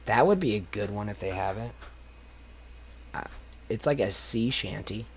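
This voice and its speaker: A man's voice: on the low side, moderate pace, fairly bright tone. A young man chatting loosely on his livestream between karaoke songs, rambling and swearing often, his voice worn from smoking. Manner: rambling, swears a lot, talks to chat. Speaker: karaoke streamer. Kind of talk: casual livestream chat.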